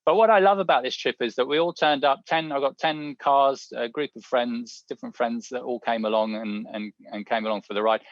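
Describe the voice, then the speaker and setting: Man, webinar speaker, anecdotal, filler-heavy, mid-pitched, dry dull video-call sound. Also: a little fast, hardly any pauses, no echo. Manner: chatty, anecdotal, many fillers and restarts. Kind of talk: presentation talk with slides.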